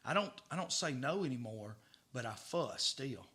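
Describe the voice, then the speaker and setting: A middle-aged man with a drawl shares stories as a podcast guest. His voice is strikingly bright and sharp. He stammers and repeats words while acting out bits of dialogue. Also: medium pitch, expressive, normal speed. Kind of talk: casual storytelling.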